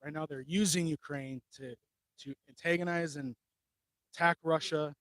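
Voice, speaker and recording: A man interviewed at an outdoor rally, answering earnestly and laying out political arguments in a steady stream. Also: on the high side, normal speed, no room sound, low-quality recording. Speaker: rally attendee being interviewed.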